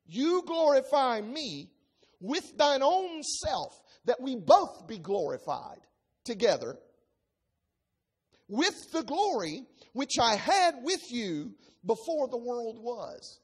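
Slow, sing-song, and slightly rough, this mid-range voice carries an expository Bible-teaching sermon. The preacher reads scripture aloud and explains it line by line, adding emphasis along the way.

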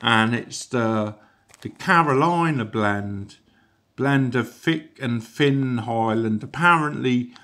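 A man's voice: medium pitch, slow pace, pushed and bright. A man giving a casual, rambling product review, chatty and full of asides. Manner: rambling, chatty, peppered with "you know".

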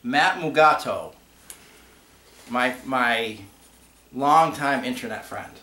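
Slow, medium-pitched, pushed and bright, this man's voice leads his part of a casual online show as co-host. He answers viewer questions with rambling, chatty stories and restarts, recorded in an echoey room with a faint hiss.

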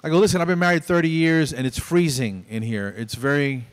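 A man's voice: on the high side, brisk. A man in his fifties doing a stand-up comedy routine on a small club stage, telling stories and acting out both sides of each exchange.

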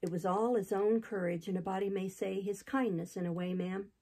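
A woman's voice: mid-range voice, fairly even intonation, a little fast, warm tone, natural voice, rough recording. A woman reader voicing a talkative, gossipy older male innkeeper who tells a long tale in a rambling, chatty way, for a classic novel audiobook.

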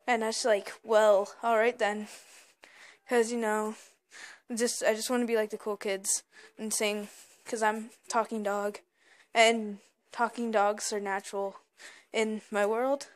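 A woman's voice: mid-range voice, little pitch movement, unhurried. A young woman rambling hyperly in a casual vlog, stammering and repeating herself. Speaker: vlogger.

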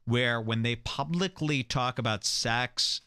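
A man's voice: medium pitch, slow, pushed and bright, clear, resonant tone, dry recording. Crude, mocking male talk show host. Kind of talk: comedic talk show rant.

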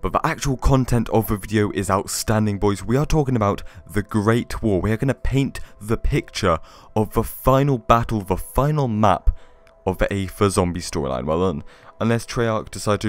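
A young man with a low-set voice rambles excitedly through a gaming theory video, swearing casually as he goes. Illness has left his voice worn and rough. Faint music plays underneath him. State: ill, voice worn.

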